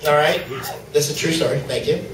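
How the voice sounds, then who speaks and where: A man's voice: on the high side, quick pace, crowd noise. A man doing a stand-up set, loose and rambling with lots of fillers. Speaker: stand-up comedian. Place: comedy club stage. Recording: echoey club from far off.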